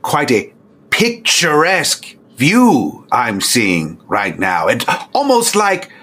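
A man voicing a sly, theatrical male vampire in tabletop role-play, with a drawn-out, teasing delivery. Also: mid-range voice, wildly swooping pitch, bright, forceful tone, full character voice.

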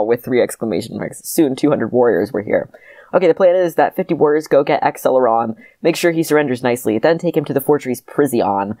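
A woman co-hosting a podcast, reading a childhood story aloud in a deadpan way and breaking into laughter between lines. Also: rumbling low, a little fast, no room sound.

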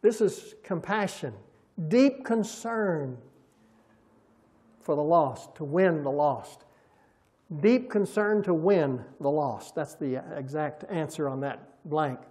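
A man preaching a folksy sermon, swelling loud and slow on scripture and dropping soft for homey asides, and leading the congregation in repeating lines. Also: on the high side. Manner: folksy, chuckles at his own stories; leads the congregation in call-and-response. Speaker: pastor.

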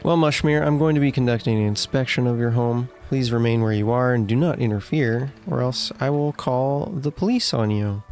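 A man's voice: medium pitch, a little mellow. A man giving comedic gameplay commentary in a mock-officious, indignant inspector tone with exasperated outbursts. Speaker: gaming video host.

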